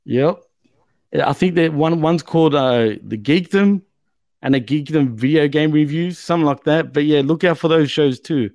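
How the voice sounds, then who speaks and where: Man, podcast host, casual profane rambling, slightly higher voice, dry sound. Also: moderate pace, a little mellow, no echo. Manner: profane, rambling, lots of "you know what I mean". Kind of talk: casual chat.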